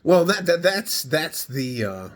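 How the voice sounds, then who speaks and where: A man's voice: a little high, very animated, slow. A man telling a story to the camera in a rambling, casual way, laughing often and swearing now and then. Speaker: vlogger.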